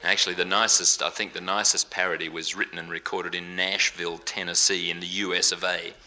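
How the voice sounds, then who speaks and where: A man's voice: deep voice, little pitch movement, a little fast, bright, forceful tone. A man doing jokey live stage patter between songs, bantering with his band and the audience. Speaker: stage entertainer. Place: large live venue stage. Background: band music.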